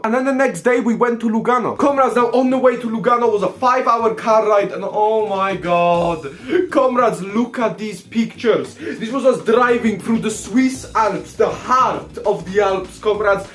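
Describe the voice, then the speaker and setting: A young man tells a travel vlog in an excitable, cursing style, calling his audience comrades again and again. His voice sits very high. It echoes around a roomy space over faint background music. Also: moderate pace. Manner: excitable, swears, says "comrades" in nearly every line. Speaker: vlogger host. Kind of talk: casual travel vlog narration.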